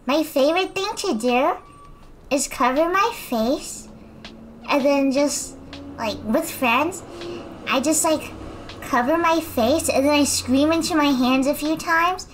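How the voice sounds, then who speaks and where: Giggly high-voiced young woman streamer. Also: a little hiss or hum. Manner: giggly, chatty, fills silence with talk. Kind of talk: casual stream chat.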